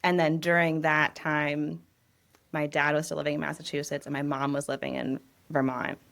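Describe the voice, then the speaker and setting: A woman's voice: sits low, level tone, moderate pace, creaky, fairly bright tone. A woman in her thirties, a real estate agent from New England, chatting in a casual interview, rambling a little and laughing often.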